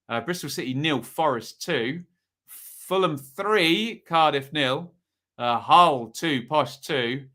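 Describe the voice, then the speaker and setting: A man's voice: medium pitch, pushed and bright. A young man hosting a live football predictions stream, chatty and jokey as he reads out viewers' picks. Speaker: host.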